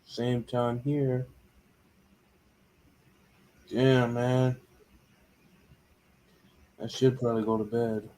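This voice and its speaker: A man's voice: medium pitch, level tone, extremely slow, pauses often, dark tone. A man on a casual late-night livestream chat, talking loosely, swearing, and laughing often.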